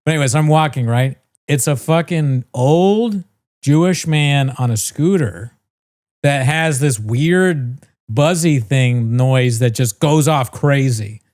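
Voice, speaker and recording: A man's voice: medium pitch, takes it slowly. Man telling a story, swearing. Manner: animated storyteller, swears freely, mimics voices. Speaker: podcast co-host. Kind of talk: casual storytelling chat.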